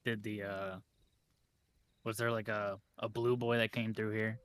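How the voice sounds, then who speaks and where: A man's voice: fairly low pitch, little pitch movement, unhurried, fairly bright tone, slight background noise. A man playing a tabletop game with a dry, joking manner. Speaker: player. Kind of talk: casual tabletop role-play.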